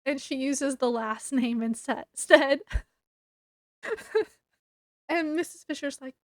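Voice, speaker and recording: A woman with a high, bright-pitched voice chats through a book review at an unhurried pace. She retells scenes loosely, peppering them with "like" and small laughs, a little sniffly from allergies. The sound is dry and close. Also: no room sound. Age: adult with a child. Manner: chatty retelling with many "like"s and laughs. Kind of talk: casual book review vlog.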